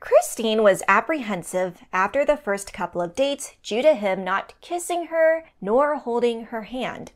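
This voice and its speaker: A woman's voice: a little high, expressive, measured pace, few pauses. A woman co-hosting a recap podcast, reading a scripted summary with wry asides. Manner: wry, laughs between lines.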